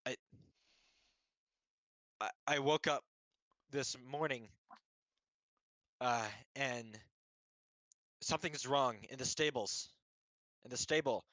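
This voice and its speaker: A skittish young male creature blurts out alarm in a shrill, breathless voice, put on by a man running a tabletop game. The sound is close and dry. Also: takes it slowly, long pauses, no echo, poor audio. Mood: shaken. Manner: breathless, frantic shouting. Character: panicked young male animal, excitable.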